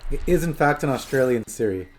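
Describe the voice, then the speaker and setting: Talking quickly with lively intonation in a mid-range voice, a man streams a game and keeps up casual, rambling chatter with viewers. He speaks to chat and to his phone.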